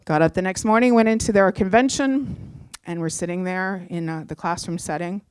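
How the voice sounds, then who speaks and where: A middle-aged woman from Canada telling a personal story live on stage, heartfelt and animated, acting out the voices she quotes. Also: on the low side, moderate pace, smooth, dry recording, clean studio sound. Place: theatre stage.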